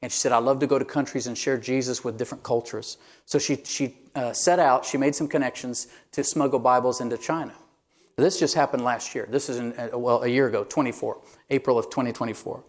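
A man's voice: mid-range voice, fairly even intonation, a little fast. A male pastor delivering a sermon, telling a story in a conversational way and reading quoted passages aloud.

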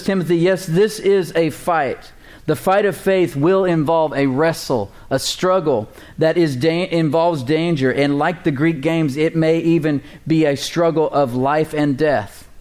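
A man delivers an emphatic sermon from the pulpit of a church, with a voice that sits a bit high. He drives each point home and keeps throwing rhetorical questions at his congregation. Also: a little mellow. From United States. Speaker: pastor.

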